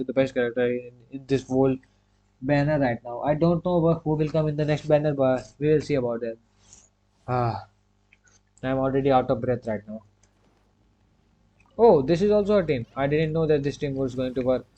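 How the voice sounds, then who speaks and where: With the highs cut off, a mellow mid-range male voice gives casual commentary over his video game play. This gaming streamer coaches himself through each move, says short commands again and again, and leans on "you can say" to fill the gaps.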